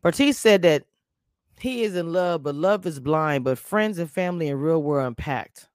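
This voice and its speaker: A woman's voice: low voice, animated, normal speed, a little mellow, no echo, studio quality. A woman reviewing a reality show on a casual live stream, blunt and opinionated in her takes.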